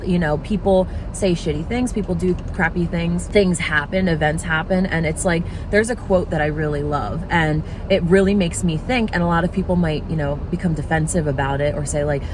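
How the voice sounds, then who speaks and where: A young woman vlogger in casual reflective chat, talking in an earnest, musing way and stretching words out for emphasis. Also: fairly low pitch. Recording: noisy background.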